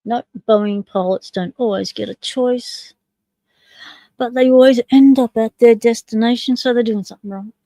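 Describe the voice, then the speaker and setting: Chatty Aussie woman, dark dry voice. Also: fairly high pitch, normal speed, no echo. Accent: Australian. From Australia. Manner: chatty, rambling, jokey. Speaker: livestream host. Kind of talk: casual chat.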